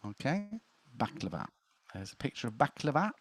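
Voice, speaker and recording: A man's voice: a little high, big pitch swings, slow, long pauses, slightly rough, no room sound. Chatty man hosting a quiz. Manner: chatty, laughs easily, stumbles and repeats words. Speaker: quiz host. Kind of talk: casual live-stream chat.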